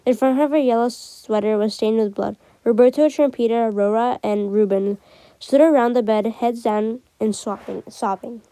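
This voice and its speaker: A woman reading a novel aloud in a steady way, with occasional slips and restarts. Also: fairly high pitch, moderate pace, clean tone, no room sound. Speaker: reader.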